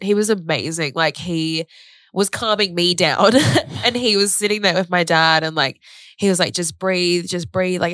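A young woman with a slightly low voice chats on a podcast. She rambles through a story with plenty of fillers and plays out the other people's lines herself. The sound is dry and close, with no room around it. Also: a bit bright, dry recording. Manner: rambling storytelling, many "like" fillers, re-enacts dialogue. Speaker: podcast co-host sharing a personal story. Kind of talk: casual chat.

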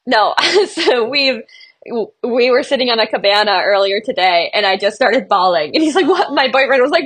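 A woman's voice: on the high side, animated, moderate pace, a bit bright, slightly rough. A young woman, a marathon runner, speaking as a podcast guest in an earnest, emotional, bubbly way. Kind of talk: podcast interview.

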